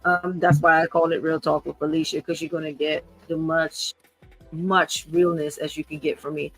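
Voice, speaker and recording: A woman's voice: low-pitched, level tone, normal speed, fairly bright tone, dry recording, faint music behind, rough recording. Woman, fifties, hosts her own live show off the cuff; earnest, emotional, circles back on her words. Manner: emotional, earnest, repeats herself. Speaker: podcast host. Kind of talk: unscripted livestream talk.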